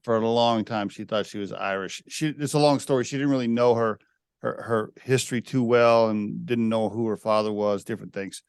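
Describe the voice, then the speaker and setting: Man, 40s, podcast host, chatty, laughs easily, smooth resonant voice, dry sound. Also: fairly low pitch, steady tone, moderate pace, no echo. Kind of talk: casual interview chat.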